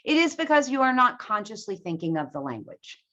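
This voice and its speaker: A woman teacher giving a presentation to other teachers, with a clear, emphatic teaching voice and lively intonation. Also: medium pitch, fairly quick, lo-fi sound. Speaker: ESL teacher.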